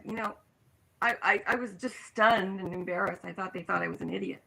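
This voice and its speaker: A woman's voice: on the high side, normal speed, gravelly, low-quality recording. An older woman, an actress, telling anecdotes in an interview and acting out the voices of the people she quotes. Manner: animated, acts out quoted voices. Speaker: guest actress. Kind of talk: storytelling in an interview.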